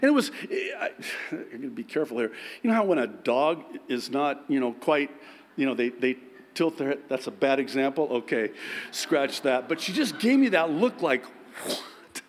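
A man's voice: mid-range voice, lively intonation, moderate pace, in a large hall. A male pastor preaching a sermon and telling self-mocking stories, acting out the people in them. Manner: self-deprecating storytelling, acts out quotes.

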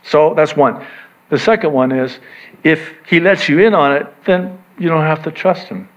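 A male pastor with a fairly high voice preaches in a chatty, storytelling manner. He acts out little dialogues as he goes. The sound is dull and lo-fi. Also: normal speed. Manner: conversational, animated storytelling with acted voices. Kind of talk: sermon.

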